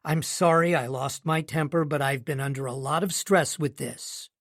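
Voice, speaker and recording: A man's voice: fairly high pitch, steady tone, moderate pace, fairly bright tone, no echo, clean studio sound. A man reading an audiobook, voicing a volatile businessman father who bellows and then wheedles. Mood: wheedling. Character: volatile middle-aged male tycoon father. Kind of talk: audiobook narration.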